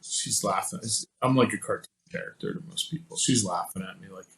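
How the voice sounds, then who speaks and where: Lower-voiced man telling a personal story. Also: quick pace, hardly any pauses, rough recording. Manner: animated, acts out quoted dialogue; casual, many fillers like "like" and "you know". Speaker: podcast guest.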